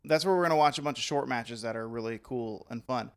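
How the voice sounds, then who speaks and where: A man co-hosting a casual podcast, joking around and quick to laugh. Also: mid-range voice, clean tone. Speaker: podcast co-host. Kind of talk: casual chat. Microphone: close podcast mic.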